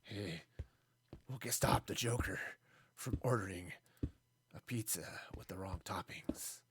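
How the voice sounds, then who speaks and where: A man putting on a low, gravelly whispered voice as a male caped crusader, mock-serious and hushed. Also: measured pace, background noise. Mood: mock-grim.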